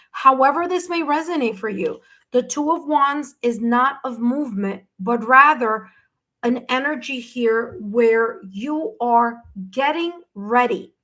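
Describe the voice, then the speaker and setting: Soft-spoken woman giving a tarot reading. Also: sits high. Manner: gentle, reassuring, says "okay?" and "my dear" often. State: hiccups. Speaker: tarot reader. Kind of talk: live-stream reading.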